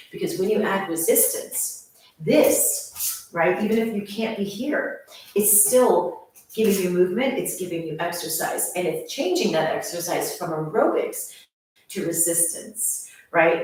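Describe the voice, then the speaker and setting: A woman's voice: lowish voice, darkish tone, far from the mic, a little hiss or hum. A fitness instructor in her forties, chatting upbeat to viewers as her friends in a casual channel introduction. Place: room at home with workout gear. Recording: very echoey room, voice off-mic.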